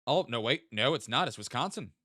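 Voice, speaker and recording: A man's voice: mid-range voice, lively intonation, brisk, sharp tone, dry recording, studio quality. A young man, chatting casually with viewers while playing a geography game and thinking aloud. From American South. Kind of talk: casual live-stream chat.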